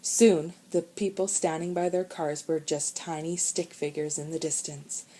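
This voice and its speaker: A woman narrating a children's chapter book in a calm, measured way. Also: sits low, poor audio. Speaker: audiobook narrator. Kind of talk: storybook narration.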